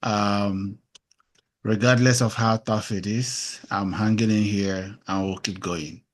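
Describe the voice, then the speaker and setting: A man's voice: on the low side, fairly even intonation, takes it slowly. A man hosting an interview over a video call, effusively thankful and repeating himself. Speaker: host.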